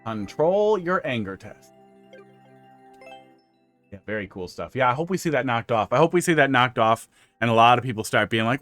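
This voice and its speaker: A man's voice: medium pitch, expressive, normal speed, pauses often, a bit bright, no room sound, faint music behind. A man streaming a level-building game, chatting casually and joking as he plays, sometimes humming to himself. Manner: chatty, rambling, jokey, hums to himself. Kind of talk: casual live-stream commentary.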